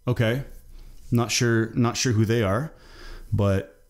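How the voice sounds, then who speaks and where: A man's voice: mid-range voice, fairly even intonation, slow, a little mellow. Hesitant Lebanese man reacting. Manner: hesitant, many ums and restarts. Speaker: reaction video host. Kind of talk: casual reaction commentary.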